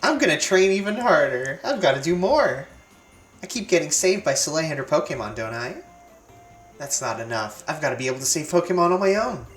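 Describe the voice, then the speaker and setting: A streamer putting on a bouncy, eager teen boy from a role-playing game, pitched up and rushing through his lines with determination. Faint game music plays in a roomy space. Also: sing-song, lightly acted. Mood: determined. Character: upbeat, eager teenage boy trainer. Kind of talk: reading game dialogue aloud on stream.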